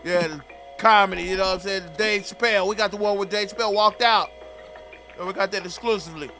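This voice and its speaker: A young man doing comedic game commentary, loudly roasting the characters in slang. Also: high voice, fairly even intonation, fast, faint music behind. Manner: loud trash-talking, roasting characters in slang. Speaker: gaming streamer.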